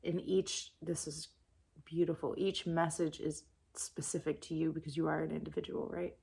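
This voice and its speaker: A young adult woman giving a channeled spiritual message in a calm, soft-spoken, meditative way. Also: low voice, normal speed, gravelly, slightly rough. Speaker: spiritual reader.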